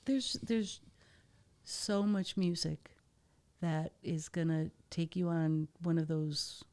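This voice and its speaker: A woman's voice: fairly low pitch, slow pace, mellow. A woman, a musician, guest on a podcast, speaking casually and hesitantly with many fillers. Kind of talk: casual chat.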